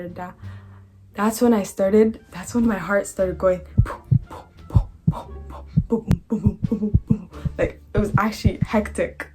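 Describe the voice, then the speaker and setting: Slangy young woman telling a storytime. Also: medium pitch. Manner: animated, slangy, trailing off into unfinished sentences. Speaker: vlogger. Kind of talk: casual storytime.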